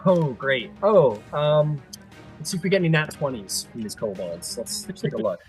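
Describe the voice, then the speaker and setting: A man's voice: mid-range voice, animated, normal speed, soft background music. A man running a tabletop game as game master, narrating in a chatty, playful way.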